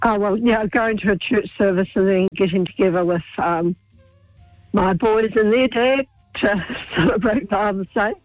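A middle-aged woman calling in to a radio show, talking in a friendly, gentle way. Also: mid-range voice, moderate pace, dry recording, faint music behind. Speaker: caller. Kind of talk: phone-in chat. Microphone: phone. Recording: dull, dry phone line.

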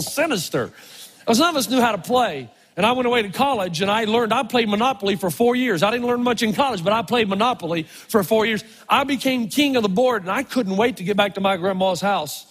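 High, husky-voiced male preacher. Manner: animated, drawn-out emphatic delivery. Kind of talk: sermon with storytelling. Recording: long reverb of a large hall.

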